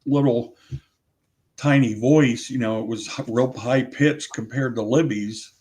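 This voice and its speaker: A man's voice: mid-range voice, steady tone, a little slow, darkish tone. Rambling older man, audio researcher guest. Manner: rambling, many restarts and self-corrections. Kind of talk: casual interview talk.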